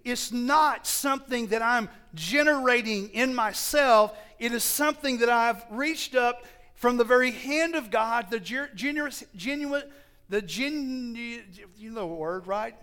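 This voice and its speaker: A man preaching a sermon to a congregation, slow and emphatic, often asking them questions and correcting himself as he goes. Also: extremely high pitch, bright, forceful tone, clear, resonant tone.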